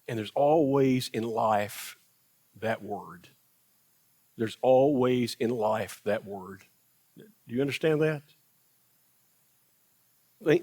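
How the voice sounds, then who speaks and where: A man preaches a sermon in a church sanctuary, unhurried and deliberate. His voice sits a little high for a man. He leans on repetition and rhetorical questions, and he acts out the quotes he tells. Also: a little mellow. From United States.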